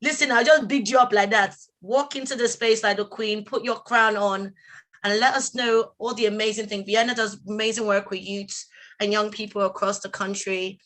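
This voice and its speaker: A woman's voice: mid-range voice, steady tone, moderate pace, a bit bright. A woman with a Nigerian accent hosting a live online radio show, introducing guests with effusive praise. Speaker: host.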